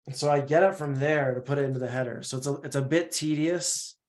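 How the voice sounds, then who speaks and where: A man's voice: medium pitch, fairly even intonation, darkish tone. A man on a video call casually walking through a screen-share tutorial, explaining step by step with small halts and restarts. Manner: casual, explanatory, a bit halting. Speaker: no-code platform expert demonstrating.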